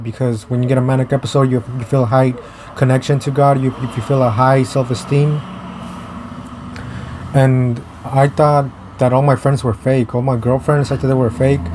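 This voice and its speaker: A man's voice: medium pitch, a little mellow, a little hiss or hum. A young man telling a story in a casual, rambling way, with swearing and many fillers and restarts. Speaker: vlogger. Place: outdoors.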